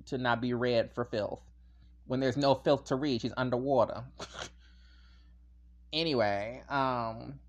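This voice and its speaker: A man hosting a podcast on his own, talking casually and animatedly, wandering into tangents and laughing often. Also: mid-range voice. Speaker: podcast host. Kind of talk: casual solo podcast monologue.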